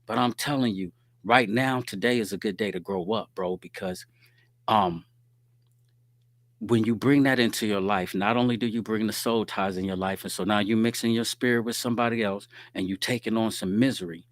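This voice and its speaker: A man's voice: lowish voice, steady tone, moderate pace, no echo. A man giving a streetwise, preachy faith-based talk straight to his listeners.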